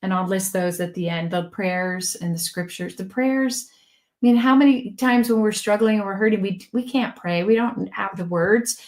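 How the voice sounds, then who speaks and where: A middle-aged woman co-hosting a podcast interview, talking in an effusive, emotional and lively way. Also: medium pitch, normal speed. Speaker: podcast co-host. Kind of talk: casual interview chat.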